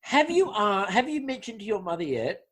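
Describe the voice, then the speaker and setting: A man hosting a casual podcast chat, wry and theatrical, swearing as he rants. His voice swoops widely in pitch and carries a husky grain. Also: sing-song, moderate pace, fairly bright tone. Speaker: podcast host.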